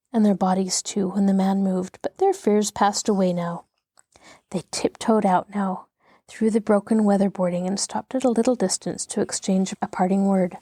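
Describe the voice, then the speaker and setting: A woman, a children's librarian, reading a classic novel aloud in a steady, measured storytelling voice. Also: mid-range voice, no room sound, clean studio sound.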